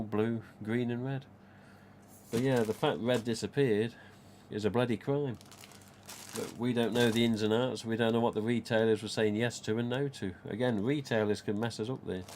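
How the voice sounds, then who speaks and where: A man's voice: medium pitch, steady tone, moderate pace, a little mellow, slight background noise. A man, hosting a casual live stream about collectible masks and reading viewer comments aloud in a rambling, chatty way.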